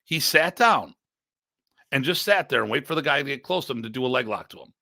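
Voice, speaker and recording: A middle-aged American man, a podcast host and martial arts instructor, telling stories in an animated, blunt, joking way and acting out quoted exchanges. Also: brisk, creaky, no echo, studio quality. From United States. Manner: animated, acts out quoted exchanges with pitch jumps; rambling with restarts, blunt and joking. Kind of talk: casual storytelling chat.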